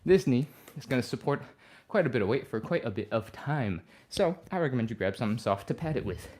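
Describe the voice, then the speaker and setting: A man leading a live stretching workout as the instructor. He talks through each move in a relaxed, upbeat way and sighs and breathes audibly between cues. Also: mid-range voice, quick pace. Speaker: fitness instructor.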